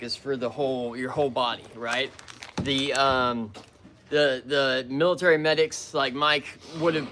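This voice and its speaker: Guy chatting about survival blankets, bright voice, faint hiss behind. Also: mid-range voice. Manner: informal, loose, with fillers. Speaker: staff member explaining products. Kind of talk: casual product explanation.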